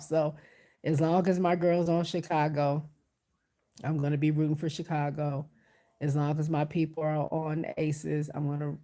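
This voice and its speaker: A livestreamer, congested from a cold, talks casually to viewers and reads their comments aloud. The voice sits in a mid range and is neither high nor low. The delivery is loose and conversational, with frequent stops and restarts. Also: darkish tone. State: stuffy from a cold.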